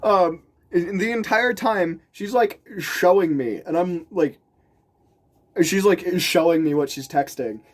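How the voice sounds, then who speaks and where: A man's voice: high voice, measured pace. A man telling a story casually, rambling and restarting sentences, laughing often and acting out the people he quotes. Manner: animated, voices the people he quotes.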